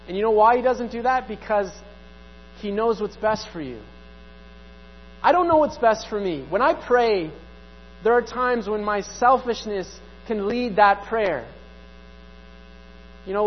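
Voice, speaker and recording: Guy preaching, fairly high voice, chatty, repeats stuff for emphasis, muffled with faint hum. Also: lively intonation, unhurried, long pauses. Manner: conversational, repeats key phrases for emphasis. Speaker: pastor. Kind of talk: sermon. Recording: dull sound, long hall reverb, mains hum.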